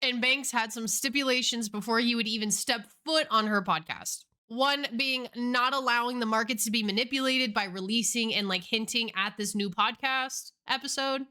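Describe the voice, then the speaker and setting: A woman's voice: on the high side, moderate pace, few pauses, sharp tone. A young woman hosting a casual commentary video, blunt and full of "like" fillers. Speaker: commentary channel host.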